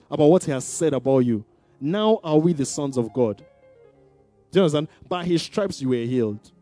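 A man's voice: a little high, dark tone, no echo. A man preaching a sermon, asking the congregation questions and building to emphatic declarations. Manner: call-and-response preaching, rising to emphatic declarations. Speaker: pastor. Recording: dry sound with faint music behind.

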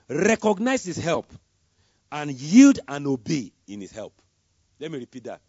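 A man preaching a sermon, swinging between loud emphatic calls and soft murmured prayer. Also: fairly high pitch, big pitch swings, moderate pace, breathy edge, no room sound. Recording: dull lo-fi sound.

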